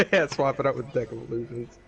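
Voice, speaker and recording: A man's voice: medium pitch, lively intonation, fairly quick, gravelly, background noise. A man chatting casually and jokingly as he leads planning for a tabletop game, laughing often.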